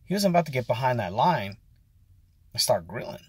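A man's voice: medium pitch, very animated, fairly quick, husky, no echo. A man in his forties telling a story in a casual, rambling vlog with many fillers and restarts. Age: 40s. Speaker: vlogger.

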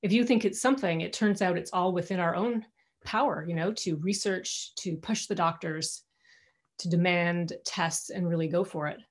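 A middle-aged woman speaks candidly to an alumni audience over a video call from her home. Her voice sits on the low side, and her talk is conversational, often breaking off and restarting mid-sentence. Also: normal speed. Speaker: guest speaker.

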